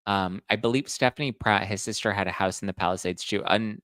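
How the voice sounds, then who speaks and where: Man, gossipy pop culture commentary, chatty retelling, lowish voice, dry close sound. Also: a little fast, fairly bright tone, dry recording. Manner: chatty, retells stories with lots of "he's like".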